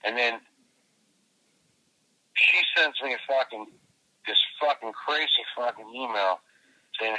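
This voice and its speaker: A man's voice: medium pitch, slow pace, pauses often, sharp tone. A man telling a long, profane story in casual conversation, full of fillers and restarts, recorded from a phone call. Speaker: interviewee.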